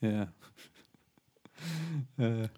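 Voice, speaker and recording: A man's voice: fairly low pitch, monotone, extremely slow, mellow, smooth. A man in casual chat about TV, talking hesitantly with many fillers and frequent laughs. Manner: chatty, hesitant, laughs often.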